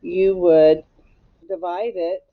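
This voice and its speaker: In a slightly dull, lo-fi recording, a woman teaches phonics to young pupils, taking her time and patiently having them repeat words after her. Her voice sits on the low side with a flat delivery.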